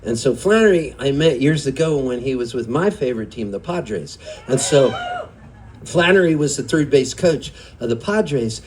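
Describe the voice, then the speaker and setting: A man's voice: medium pitch, expressive, normal speed, noisy background. A singer-songwriter telling a rambling, chatty story on stage at a live music venue, laughing often as he goes.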